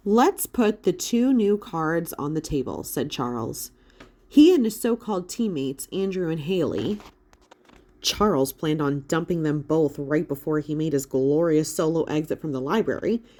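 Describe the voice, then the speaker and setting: A woman narrates a children's novel as an audiobook, reading in an expressive, storytelling way. Her voice is on the low side, and its pitch swings widely. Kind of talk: scripted narration.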